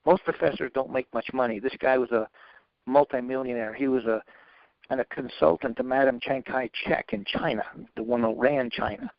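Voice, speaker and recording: A man's voice: medium pitch, moderate pace, vocal fry, no room sound. A man telling his own story in an interview, acting out the voices of past conversations in an earnest, motivational way. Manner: animated, acts out both sides of past dialogues; earnest, faith-driven motivational tone. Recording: dry, slightly dull lo-fi recording.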